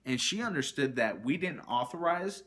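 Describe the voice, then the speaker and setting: Male vlogger, exasperated storytime rant, bright forceful tone, acts out the back-and-forth. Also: medium pitch, moderate pace. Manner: animated, exasperated, acts out both sides of a phone call. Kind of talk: ranting storytime monologue.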